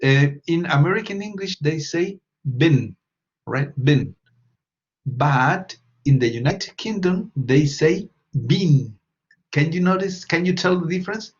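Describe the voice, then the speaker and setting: Guy teaching english, kinda high voice, patient, keeps prompting the class. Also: animated, normal speed, dull audio. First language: Spanish. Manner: patient, repeats questions and prompts students.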